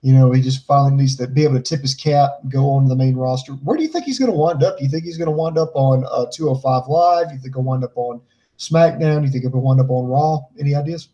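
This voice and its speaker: Calm, mellow-voiced podcast man. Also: medium pitch, fast talker, muffled recording. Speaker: podcast co-host. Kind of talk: casual podcast chat.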